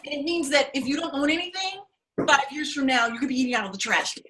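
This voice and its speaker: A woman's voice: high voice, fast, a bit bright. A woman teaching an acting class, telling stories emphatically, cursing freely and laughing often. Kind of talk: animated storytelling lecture.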